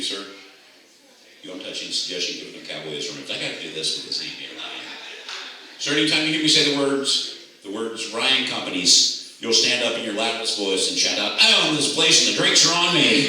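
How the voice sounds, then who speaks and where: A man working as a stage hypnotist, giving rhythmic, commanding suggestions with playful teasing at a company party. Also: deep voice. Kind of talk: stage hypnosis show patter. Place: large room at a company party. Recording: very echoey hall, captured from far off with room noise.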